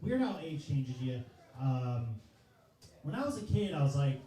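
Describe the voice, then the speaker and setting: A man's voice: fairly high pitch, sing-song, normal speed, mellow, very echoey, far from the mic, low-quality recording. A man in his thirties doing a loose, profane, self-mocking stand-up comedy set in a comedy club. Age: 30s. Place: comedy club stage, live audience.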